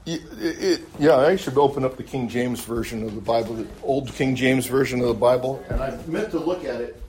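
Man leading a halting Bible study. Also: mid-range voice, darkish tone. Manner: halting, many fillers and restarts; polite, answers with "yes, ma'am".

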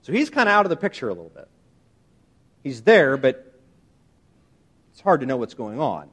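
A man preaching a sermon, emphatic and animated, often asking his listeners rhetorical questions. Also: medium pitch, normal speed. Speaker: pastor.

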